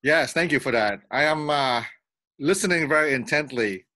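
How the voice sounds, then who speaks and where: A man's voice: on the high side, moderate pace, sharp tone. A man hosting a casual interview over a video call, upbeat and asking loose questions. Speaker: interview host.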